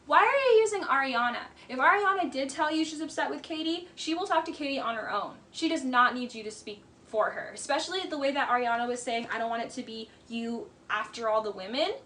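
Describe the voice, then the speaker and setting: A woman's voice: high-pitched, animated, a little fast, hardly any pauses, fairly bright tone, slight background noise. A woman giving casual, emphatic commentary on a reality TV episode, often exasperated and mimicking the people she quotes.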